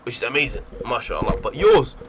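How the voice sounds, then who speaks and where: A young man with a Leicester accent, co-hosting a casual radio chat, talking quickly and excitably, teasing and stumbling over his words. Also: medium pitch, a crowd in the background. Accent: Leicester English. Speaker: radio show co-host. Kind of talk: casual banter.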